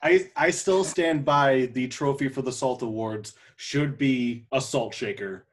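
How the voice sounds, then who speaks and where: Mid-pitched man with dry wry remarks. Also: unhurried, a little hiss or hum. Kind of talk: casual chat.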